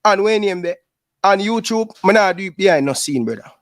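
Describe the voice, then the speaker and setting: This YouTube host has a Jamaican accent and a high, animated voice, talking fairly quickly with no echo. He's aggrieved, venting in heated casual chat and saying "brother" over and over.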